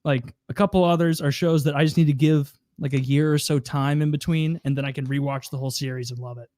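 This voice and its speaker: A man chatting as a podcast host. He retells scenes with animated energy, laughing and swearing. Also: on the high side, fast talker, no echo, studio quality. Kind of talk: casual podcast chat.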